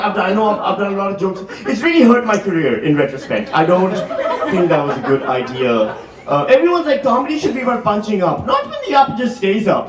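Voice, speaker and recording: A man, performing a stand-up comedy set with quick shifts into acted-out quotes. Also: high voice. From Pakistan. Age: 40s. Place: museum hall, live audience. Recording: roomy live hall, mic heard from a distance, loud crowd laughter.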